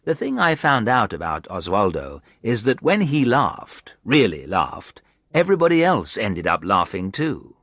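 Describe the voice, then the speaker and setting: A man slowly reading a story aloud for English learners in a clear, expressive manner. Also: on the low side, no room sound, clean studio sound. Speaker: narrator.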